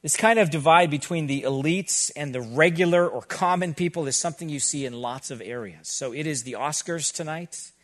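A man with a somewhat high voice delivers a sermon, speaking earnestly to his congregation. He sounds middle-aged and keeps it conversational, slipping into quick asides. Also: fairly bright tone. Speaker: pastor.

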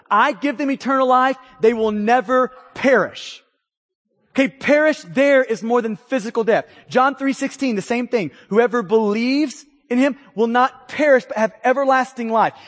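Male pastor, very high voice, earnest teaching sermon, long hall reverb. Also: fairly bright tone.

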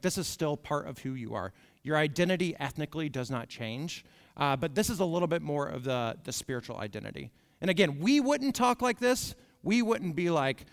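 Casual young preacher in a reverberant hall. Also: male voice, a little high. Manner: conversational, frequent "right?" and "like". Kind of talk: casual sermon.

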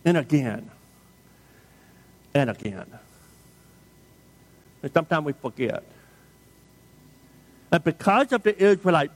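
High-voiced man preaching a sermon. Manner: emphatic, dramatic storytelling with repeated refrains. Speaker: pastor.

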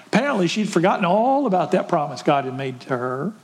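A man's voice: a little high, very animated, brisk, few pauses, big-room sound. A male pastor preaching a sermon, retelling a story conversationally and asking the congregation questions.

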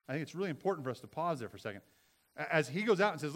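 A man's voice: on the high side, animated, very fast. A man preaching a sermon in a church, conversational, with many restarts and rhetorical questions. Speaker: pastor. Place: church sanctuary.

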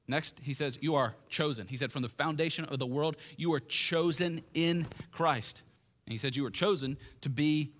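A man's voice: on the high side, fairly bright tone. Conversational man preaching in a gym. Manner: conversational, repeats and restarts phrases. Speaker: pastor. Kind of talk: sermon. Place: gym used as a church hall.

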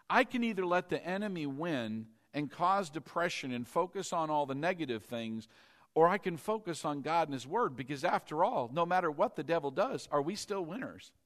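A man preaching a sermon as pastor, animated, breaking into laughter and acting out voices. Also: on the high side, moderate pace.

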